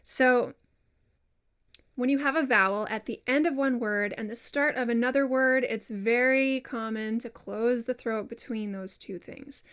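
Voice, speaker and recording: Clear and resonant, this woman's voice sits on the high side with a fairly bright tone. She is a voiceover coach giving an informal lesson, chatty and self-deprecating, speaking example words aloud to show how they go.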